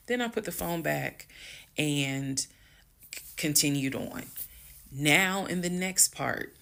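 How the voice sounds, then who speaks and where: A woman telling her own story to viewers in a frank, chatty way, going calm and hushed when she retells a conversation. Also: very deep voice, vocal fry. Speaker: storytime creator. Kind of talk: casual storytime monologue.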